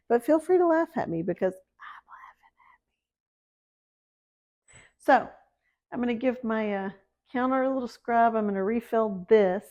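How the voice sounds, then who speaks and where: A middle-aged woman from the American Deep South, chatting casually to camera about her homestead and faith, laughing at herself. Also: a little mellow. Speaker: homesteading vlogger.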